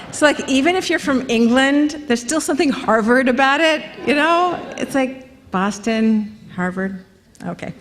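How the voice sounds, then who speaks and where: A woman's voice: on the high side, noisy background. A woman hosting an event, chatting casually with the audience and laughing often. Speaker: event host. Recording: hall reverb with a crowd behind.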